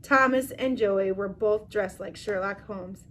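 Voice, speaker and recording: A woman reading a children's book aloud with expressive storytelling. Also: medium pitch, a little slow, slight background noise. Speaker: reader.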